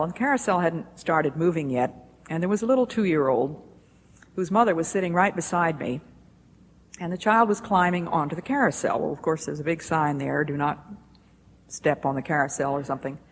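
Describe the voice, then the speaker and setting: A woman giving a devotional talk in a measured, deliberate way, recorded in a lecture hall in the 1980s. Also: sits low. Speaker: speaker at a Bible institute. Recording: echoey hall with faint hiss, 1980s.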